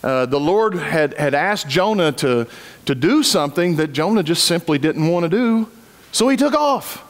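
A middle-aged male pastor delivering a sermon in a higher-than-usual voice. He talks to the congregation in a folksy way, chuckles often, and trips over and repeats his words before going on. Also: expressive, normal speed. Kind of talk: sermon with scripture reading.

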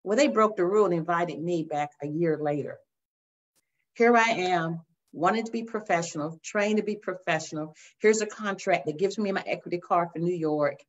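An older woman minister sharing her testimony in a faith interview, telling it with lively storytelling and acting out the voices. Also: lowish voice, moderate pace. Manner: animated storytelling, acts out voices, addresses listeners as y'all. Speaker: guest minister. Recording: dull lo-fi sound.

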